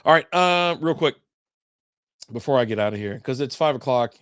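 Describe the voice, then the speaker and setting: A man's voice: mid-range voice, animated, normal speed, fairly bright tone, smooth, dry recording, studio quality. A middle-aged man hosting a beer podcast livestream, chatting in a rambling, casual way and swearing freely.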